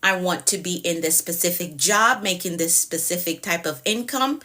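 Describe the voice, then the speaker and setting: A woman's voice: lowish voice, normal speed, sharp tone. A woman coach talking on a live stream, encouraging, asking repeated questions and greeting viewers by name. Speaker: productivity coach. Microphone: phone or webcam on a live stream.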